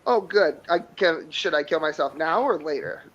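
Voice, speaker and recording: A man's voice: on the high side, lively intonation, moderate pace, crowd noise. A man with a nasal voice, hosting a casual group chat in rambling, profane rants. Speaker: podcast host. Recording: dull lo-fi audio.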